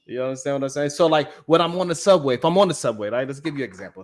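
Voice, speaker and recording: Blunt, profane New man, fairly high voice. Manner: blunt, profane, emphatic street talk; repeats "you know what I'm saying" often. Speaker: live-stream show host. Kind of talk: casual monologue to a live audience.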